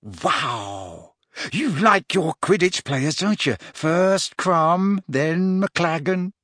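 A man's voice: medium pitch, very animated, moderate pace, breathy edge, dry recording, clean studio sound. A man voicing an eager, gossipy teenage schoolgirl in a storybook reading.

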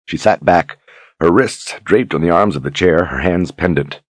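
A man narrating a fantasy novel in a steady, measured storytelling manner with a husky voice. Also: extremely low pitch, dry recording. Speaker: audiobook narrator.

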